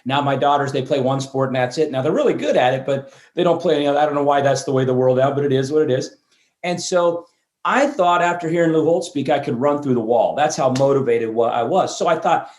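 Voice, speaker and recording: A man in his fifties, a guest on an interview show, telling stories in a lively way and often restarting words mid-sentence. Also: a little high, brisk. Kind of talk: storytelling interview chat. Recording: roomy echo.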